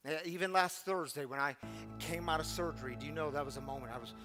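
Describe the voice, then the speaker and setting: Guy, higher voice, earnest recovery talk with soft music under it. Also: fairly even intonation, fast talker. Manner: earnest, acts out pleading quotes with rising intensity. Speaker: recovery community leader. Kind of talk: motivational talk to a recovery group.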